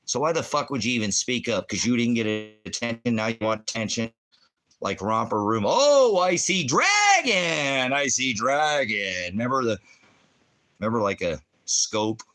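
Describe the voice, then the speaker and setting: A man's voice: fairly low pitch, moderate pace. A middle-aged man and veteran hosting a ministry livestream, ranting angrily and cursing at commenters in a combative way. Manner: profane, combative, shouting insults at chat. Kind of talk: angry livestream rant.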